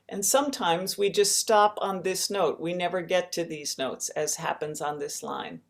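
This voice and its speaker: A woman teaching a daily chant practice, speaking gently and slowly and breaking into sung chant lines to demonstrate. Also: on the low side, vocal fry. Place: home room with chair, screen share.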